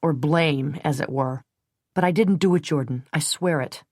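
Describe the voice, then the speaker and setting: A woman's voice: low-pitched, normal speed, no room sound, clean studio sound. A woman doing a blunt, hot-tempered man. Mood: calm, wry. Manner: blunt, forceful, sometimes scornful. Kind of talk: audiobook character reading.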